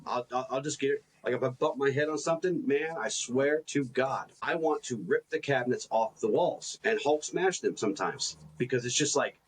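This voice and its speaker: A man co-hosting a podcast in casual reflective chat, animated and self-deprecating in his stories, often repeating his words. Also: mid-range voice, moderate pace, few pauses, breathy edge, low-quality recording. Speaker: podcast co-host.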